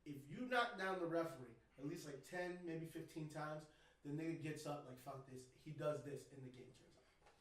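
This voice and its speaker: A man's voice: on the high side, moderate pace, far from the mic. A man co-hosting a podcast, telling joking stories in casual chat. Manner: joking storyteller, animated. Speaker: podcast co-host. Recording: echoey room, voice from off mic.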